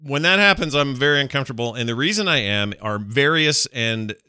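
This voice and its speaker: A man's voice: mid-range voice, expressive, fairly quick, sharp tone, smooth, no room sound, clean studio sound. A middle-aged man chatting casually as a podcast co-host, rambling with many restarts. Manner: rambling, restarts, laughs a lot. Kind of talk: casual chat.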